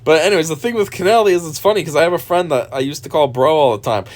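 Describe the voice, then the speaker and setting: A man's voice: a little high, very fast. A man hosting a reaction video, giving casual, profane, mocking commentary and laughing often.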